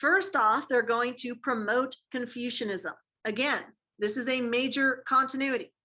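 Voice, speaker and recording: A woman's voice: a little high, moderate pace, sharp tone. A woman teaching a history class in a casual, slangy way, asking students questions as she goes. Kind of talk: classroom lecture.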